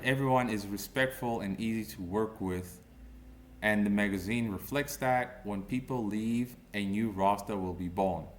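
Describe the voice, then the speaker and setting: A man in his thirties ranting in a mocking, confrontational commentary, full of slang. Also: fairly low pitch. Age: 30s. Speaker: online commentator.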